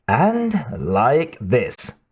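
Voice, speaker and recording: A playful, mocking crewman, as a male audiobook reader does him, needling his shipmates. He delivers his jokes slowly and deliberately. His pitch stays in a normal middle range. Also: very animated, a little mellow. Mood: teasing. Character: teasing joker male crewman.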